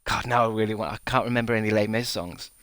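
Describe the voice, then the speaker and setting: A man's voice: on the low side, fast, a bit bright, clean tone, dry recording. A man in his thirties, a streamer chatting casually and rambling through profane jokes, often laughing at his own gags. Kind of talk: casual chat to a live stream.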